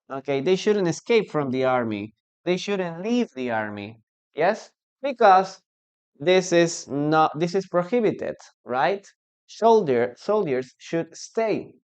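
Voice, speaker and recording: A man with a Peruvian Spanish accent teaching an online English lesson, slow and deliberate, repeating words for learners. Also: on the high side, a little mellow, clear, resonant tone.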